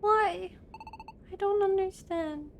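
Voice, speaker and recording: A woman's voice: very high voice, slow pace, background noise, pitched above the performer's own voice, full character voice. A woman reading game dialogue aloud, voicing a young, loyal partner creature who pleads in distress. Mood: grieving. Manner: pleading, upset questioning.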